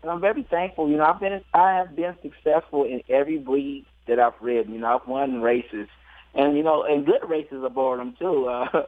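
A man's voice: on the high side, moderate pace, no room sound. A man being interviewed as a jockey, telling stories with frequent laughter and acted-out quotes. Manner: laughing, animated storyteller acting out quotes. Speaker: jockey guest. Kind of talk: storytelling interview. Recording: dry tinny phone line.

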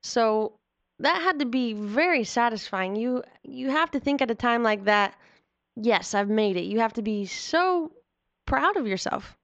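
Woman host, admiring interviewer, a bit high-pitched, lo-fi recording. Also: animated, a little slow, dry recording. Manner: warm, admiring, encouraging. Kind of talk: interview questions. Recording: dry, dull lo-fi audio.

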